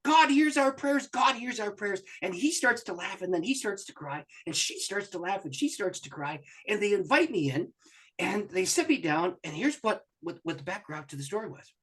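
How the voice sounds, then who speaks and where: A pastor tells a story in an animated way, his pitch swinging widely as he acts out the people in it. His voice is slightly husky, and he laughs easily between lines. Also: a little fast. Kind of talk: storytelling in an interview.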